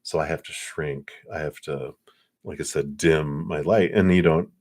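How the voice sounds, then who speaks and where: Male psychic, low voice, soft reassuring tone, loose fillers, live tarot reading. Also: fairly even intonation, moderate pace. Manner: gentle, reassuring, meandering with frequent fillers.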